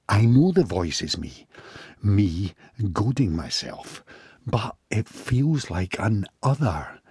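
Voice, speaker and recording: A man reads a first-person passage in a deep, rough, very husky voice whose pitch climbs and falls a lot. He takes his time and sounds intense and sweary, sometimes sinking to a whisper, with a dry, close recording. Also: darkish tone, dry recording. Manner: intense, sweary inner monologue, at times dropping to a whisper. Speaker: audiobook reader. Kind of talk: first-person audiobook narration.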